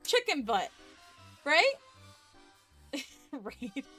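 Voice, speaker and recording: A woman's voice: high voice, big pitch swings, drawn-out words, a bit bright, faint music behind. A woman streaming a horror visual novel, reading its text aloud and chatting with viewers, laughing often and swearing casually. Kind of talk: live game stream chat and reading aloud.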